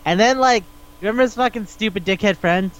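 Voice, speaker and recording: A man's voice: high-pitched, a little fast, fairly bright tone, dull audio. A man co-hosting a podcast in casual chat, rambling animatedly and swearing freely. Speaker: podcast co-host.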